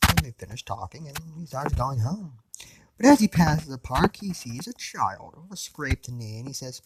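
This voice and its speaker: A man's voice: mid-range voice, a little slow. A man reading his own fan fiction aloud in a loose, casual way, with slips and restarts. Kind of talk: casual story narration. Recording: noisy home recording with clicks.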